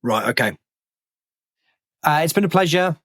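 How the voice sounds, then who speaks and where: A man's voice: a little high, expressive, unhurried, a bit bright, no room sound, studio quality. A man hosting a football podcast, chatting casually with many fillers and restarts. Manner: rambling, full of fillers and restarts. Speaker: podcast host. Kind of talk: casual chat.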